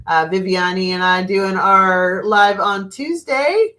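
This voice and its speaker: Slow, chatty woman reading tarot. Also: medium pitch, pushed and bright. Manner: chatty, laughs often, swears casually. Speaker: tarot reader hosting a live stream. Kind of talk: casual live-stream tarot reading.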